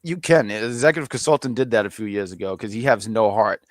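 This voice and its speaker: A man's voice: lowish voice, animated, fast, no room sound. A man co-hosting a casual review podcast, joking around in playful mock outrage. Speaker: co-host of a wrestling review show.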